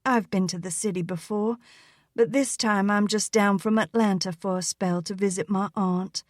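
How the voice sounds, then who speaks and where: A woman's voice: mid-range voice, fairly even intonation, normal speed, dry recording, clean studio sound, lightly acted. A woman doing a silky teasing southern belle. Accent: American Southern. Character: young southern woman in disguise, teasing and poised.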